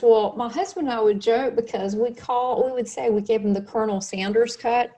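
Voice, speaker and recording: A middle-aged woman hosting a casual interview, telling lively stories and laughing often. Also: on the high side, fairly quick, hardly any pauses. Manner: animated storyteller, laughs often. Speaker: host.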